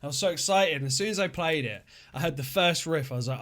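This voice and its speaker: A man's voice: a little high, fast talker, fairly bright tone. A man hosting a casual podcast over drinks, blunt, jokey and sweary. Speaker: podcast host.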